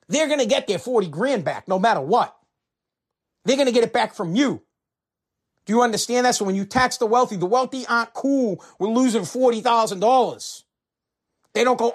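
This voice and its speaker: A man's voice: high voice, lively intonation, a little fast, breathy edge. A man delivering a heated, profane political rant, fired up and repeating himself.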